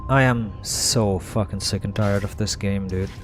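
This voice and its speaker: A man's voice: fairly low pitch, fairly even intonation, a little slow, faint music behind. A man streaming a game, ranting in exasperation, swearing a lot and stammering as he repeats himself. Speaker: gameplay streamer. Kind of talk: live gameplay commentary.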